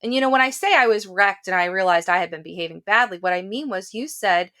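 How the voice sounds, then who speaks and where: A woman's voice: medium pitch, fast talker, sharp tone. Brief: female podcast host, enthusiastic and agreeing, talks about her own experience. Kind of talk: podcast interview.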